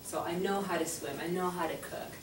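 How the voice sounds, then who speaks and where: A woman's voice: on the low side, steady tone, brisk, background noise. A woman teaching a French class, patiently explaining and spelling out words letter by letter. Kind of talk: classroom instruction. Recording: echoey classroom heard from a distance.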